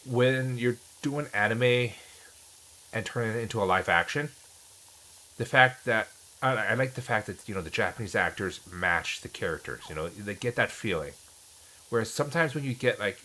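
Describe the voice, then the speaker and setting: A man's voice: lowish voice, pushed and bright, slight background noise, poor audio. A man streaming a game and chatting casually with viewers, rambling with many restarts. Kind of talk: casual chat while gaming.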